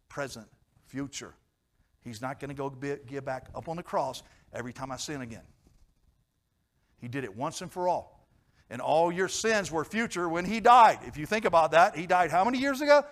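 Man, pastor, high voice, sermon in a church, emphatic then quiet, asks the congregation. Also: normal speed. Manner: preaching with swings from loud emphatic lines to low quiet ones; repeats and restarts words, asks questions of the congregation.

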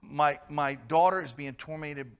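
A man's voice: a little high, a little slow, smooth. A man voicing a desperate Canaanite mother who begs insistently for help, in a sermon retelling. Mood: pleading. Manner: begging, insistent.

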